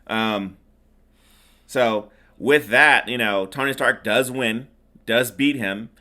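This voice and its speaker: A man's voice: mid-range voice, takes it slowly, sharp tone. A middle-aged man hosting a podcast, recapping a movie in a rambling, sarcastic way with plenty of fillers. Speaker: podcast host. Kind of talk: casual movie recap chat.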